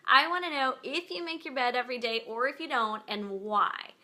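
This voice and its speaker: A woman's voice: high voice, normal speed, sharp tone. A woman hosting her own show, chatting casually to viewers from home and rambling through stories with lots of fillers. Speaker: podcast host. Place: at home beside her bed.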